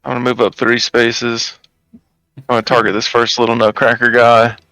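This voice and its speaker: A man's voice: medium pitch, monotone, normal speed, pushed and bright, dry recording, low-quality recording. A man playing a tabletop game, curious and full of questions, chuckling now and then. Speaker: player.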